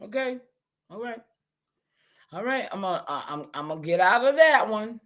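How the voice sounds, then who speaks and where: A woman hosting a livestream, talking straight to her viewers, emphatic and repeating herself, swearing when heated and then apologising. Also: high-pitched. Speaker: livestream host.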